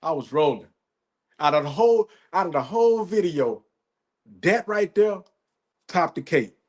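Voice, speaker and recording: A podcast host ranting in an emphatic, profane, repetitive way, often asking "you know what I'm saying". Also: male voice, fairly high pitch, very animated, a little slow, long pauses. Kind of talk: profane commentary rant.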